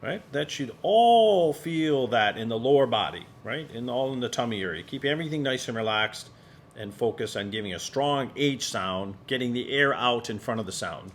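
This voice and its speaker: Calm male voice teacher. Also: medium pitch, moderate pace, slight background noise. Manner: calm, encouraging instructor, demonstrates sung vowels. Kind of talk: vocal warm-up lesson. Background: piano accompaniment.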